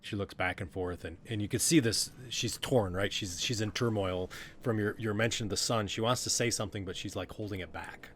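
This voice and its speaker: A man's voice: lowish voice, fairly quick, few pauses, fairly bright tone, a little hiss or hum. A man narrating a tabletop game as game master, in a loose, rambling way with many fillers.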